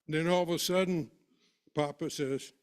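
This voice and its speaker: A man tells a first-person tale with a homespun rural turn of phrase, chatty and unhurried. His voice sits a bit high for a man, and he speaks as a storyteller to a gathered congregation. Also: fairly even intonation, smooth. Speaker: storyteller at a worship service.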